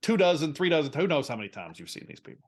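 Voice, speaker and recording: A man narrating as game master of a tabletop role-play game, telling the scene in an animated way with frequent restarts. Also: fairly high pitch, very fast.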